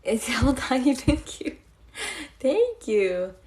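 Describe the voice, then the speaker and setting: A woman's voice: a little high, very animated, very slow, a little mellow. A young woman live-streaming, chatting casually and giggling as she thanks her viewers.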